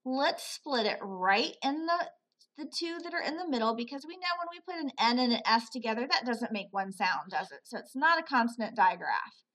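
A woman teaching a phonics lesson to children, sounding out words slowly, repeating them and praising often. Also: a little high, expressive, fairly bright tone. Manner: slow, patient, repeats words aloud for pupils; praises often, asks questions and answers them.

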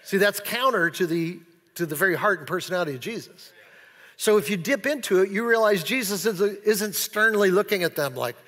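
A high, bright male pastor preaching in a big church, lively and playful as he acts out whoops and asides. His voice rings with a long hall reverb. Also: brisk. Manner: animated, playful preaching with acted-out exclamations. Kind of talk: sermon.

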